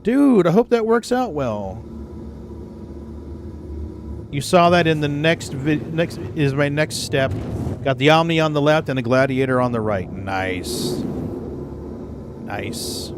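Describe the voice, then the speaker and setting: A man's voice: a little high, lively intonation, slow, pauses often, background noise. A man on a casual live game stream, swearing freely and laughing as he chats with viewers, still getting over the flu. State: recovering from the flu, coughs when laughing. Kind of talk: casual live-stream chat while gaming.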